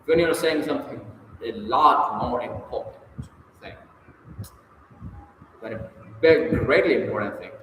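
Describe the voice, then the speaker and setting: A man's voice: mid-range voice, a little slow, pauses often. A man reading a textbook aloud in short, emphatic bursts, then answering its study questions off the cuff, sometimes hesitantly. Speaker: reader working through a textbook. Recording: very echoey room with long reverb, faint noise.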